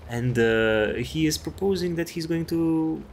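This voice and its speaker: A man's voice: a little high, unhurried, slight background noise. A man casually commenting on a game replay, rambling and chatty, swearing freely. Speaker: gameplay commentator.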